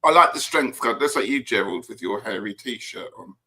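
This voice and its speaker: A man's voice: fairly low pitch, expressive, normal speed, sharp tone, breathy edge. A man chatting playfully as co-host on a livestream, giggly and showing cards on a video call. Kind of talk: casual livestream chat.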